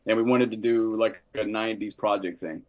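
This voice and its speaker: A man's voice: on the low side, fairly even intonation, brisk. A middle-aged man from Florida with a Southern American accent, a band member joking and chatting casually in an interview over a video call. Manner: laid-back, joking, laughs often.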